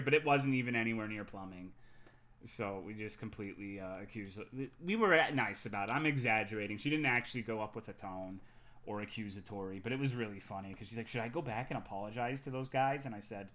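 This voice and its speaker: A man's voice: fairly low pitch, fast talker. A young man streaming and chatting casually, telling a story with a lot of swearing. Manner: chatty storytelling, frequent swearing, animated when excited. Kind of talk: casual chat.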